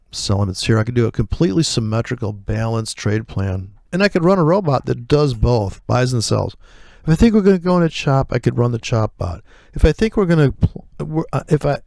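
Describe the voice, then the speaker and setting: A man talks through his live trades in a gravelly voice, blunt and swearing freely as he rambles between asides. His voice sits at a middling pitch and sounds close and dry. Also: very animated, a little fast, darkish tone, no echo. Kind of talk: profane live trading commentary.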